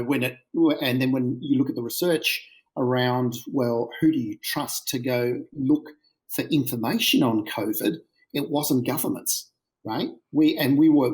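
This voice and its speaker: A man as an interview guest, explaining research in a measured way with hesitant fillers. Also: medium pitch, rough recording. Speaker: futurist guest. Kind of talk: interview answer.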